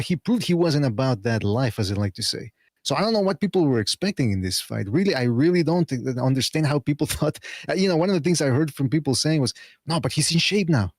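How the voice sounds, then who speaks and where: A man's voice: fairly high pitch, dry recording, studio quality. A man co-hosting a podcast, giving rambling, sardonic, blunt opinions as a pundit. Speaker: podcast co-host, boxing pundit. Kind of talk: casual opinionated commentary.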